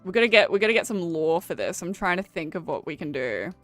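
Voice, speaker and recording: A young Australian woman streams a game while chatting casually with her viewers, laughing often and swearing freely. Her lowish, slightly bright voice is very animated and fast, with soft music playing in the background.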